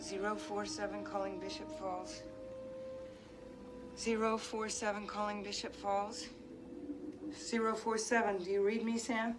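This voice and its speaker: A woman's voice: medium pitch, flat delivery, measured pace, long pauses, far from the mic, loud music behind the voice, natural voice. An actress playing a firm, capable woman mountain guide who gives direct instructions, in a film soundtrack. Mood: calling. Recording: film soundtrack with heavy noise.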